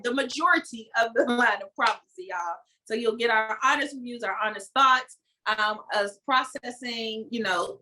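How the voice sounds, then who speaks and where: A woman's voice: medium pitch, pushed and bright, low-quality recording. A woman co-hosting a casual podcast chat, rambling with fillers and laughing often. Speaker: podcast co-host.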